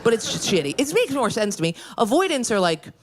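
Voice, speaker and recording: A young woman from upstate New York performing a brash stand-up comedy set on a club stage, jumping into loud, high shouted bits. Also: sing-song, quick pace. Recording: live club recording with crowd noise. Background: audience laughter and applause.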